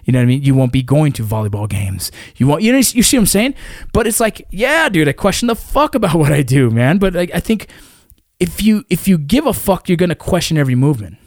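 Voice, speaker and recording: A man's voice: fairly high pitch, very animated, fast talker, dry recording, clean studio sound. A man in his thirties or forties, a military veteran guest talking in a blunt, profane, emphatic way in casual conversation.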